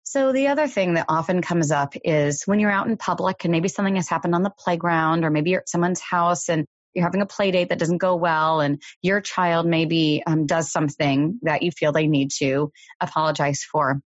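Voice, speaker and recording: Calm low-voiced woman giving parenting advice. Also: dry recording, dull audio. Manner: calm, explanatory, measured. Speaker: parenting podcast host. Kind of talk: advice talk.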